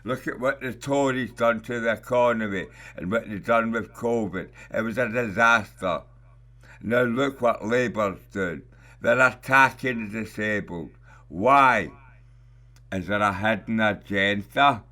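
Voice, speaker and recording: A middle-aged man hosts a radio show in a slow, deliberate rant. His fairly low voice still sounds bright and forceful, and he leans hard on emphatic, indignant rhetorical questions. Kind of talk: opinionated radio monologue.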